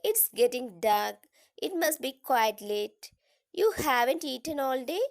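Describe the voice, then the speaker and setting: Woman, teacher reading a lesson, slow and careful, pitched a little high. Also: lively intonation. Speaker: English teacher. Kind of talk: reading a grammar lesson aloud.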